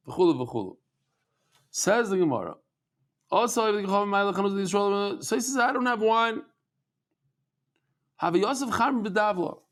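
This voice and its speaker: A man teaching a Talmud class, telling stories with animated asides and acted-out voices. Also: fairly high pitch. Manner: animated storytelling, acts out voices, laughs.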